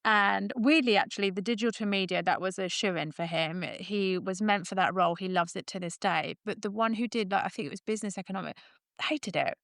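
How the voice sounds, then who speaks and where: Woman in her thirties, animated anecdotal guest, mid-pitched voice, close dry mic. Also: a little fast, no room sound. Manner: lively storyteller, laughs often. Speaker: roofer and business owner, guest. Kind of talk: casual interview chat. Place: podcast recording.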